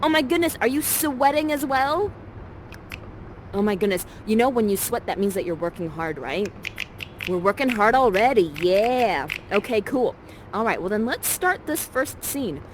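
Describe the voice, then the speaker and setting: A woman's voice: a little high, animated, normal speed, a little hiss or hum. A woman actor guiding a partner through an interactive theater scene in a chatty, playful, encouraging way, from a room with the door open. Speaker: actor and guide of a live virtual theater session. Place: ground-floor rental with door open, in summer heat.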